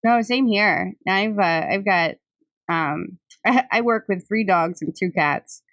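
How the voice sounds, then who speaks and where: A woman's voice: mid-range voice, slow, fairly bright tone, no room sound. A young woman hosting a podcast, chatting casually with many fillers and frequent laughs. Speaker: podcast host. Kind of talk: casual chat.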